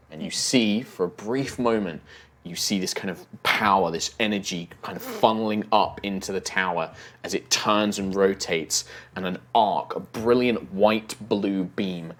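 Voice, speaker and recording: A man's voice: deep voice, measured pace, a bit bright, slight background noise. A man narrating a fantasy tabletop game as dungeon master, describing scenes vividly with some fillers.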